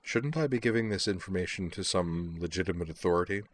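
A man voicing a skeptical seventeen-year-old girl who speaks flatly, in a storybook reading. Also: low voice, moderate pace. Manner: flat, dryly amused.

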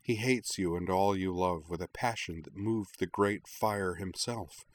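A man voicing a frightened young woman in pain, speaking in a hushed, strained way. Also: medium pitch, animated, slow pace, a little hiss or hum, voice pushed up. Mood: hushed dread. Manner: hushed, strained, breaking into pained cries. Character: frightened pained young woman warning a friend.

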